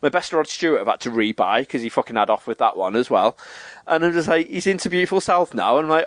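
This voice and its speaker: Animated young man. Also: fast, no echo. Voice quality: animated storyteller, swearing, acting out quotes in a higher voice. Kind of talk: casual chat.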